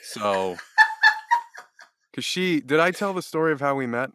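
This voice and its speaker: Narrator guest: man, low voice with bright edge, lively swinging pitch, laughs as he talks. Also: unhurried, a little hiss or hum. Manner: laughing, animated storyteller. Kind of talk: conversational interview answers.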